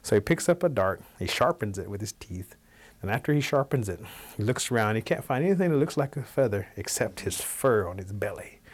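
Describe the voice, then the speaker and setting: Man telling a folktale in a fairly low voice. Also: brisk. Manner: relaxed, animated, conversational. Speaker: storyteller.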